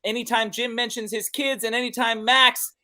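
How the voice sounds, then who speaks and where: A man's voice: very high voice, level tone, moderate pace, pushed and bright. Upbeat man hosting a film review show. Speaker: host. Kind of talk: casual podcast chat.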